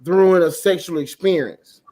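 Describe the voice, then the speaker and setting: Loud high-voiced man telling a story. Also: normal speed, a little hiss or hum. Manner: loud, profane, animated storytelling with shouted bursts. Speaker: podcast host. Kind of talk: casual storytelling chat.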